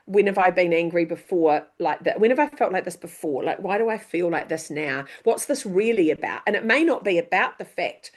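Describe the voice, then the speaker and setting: Lively middle-aged New woman. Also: fairly low pitch, a little fast, few pauses. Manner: lively, animated, acts out quoted voices, mild swearing. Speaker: author and leadership coach, guest. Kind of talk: casual podcast chat.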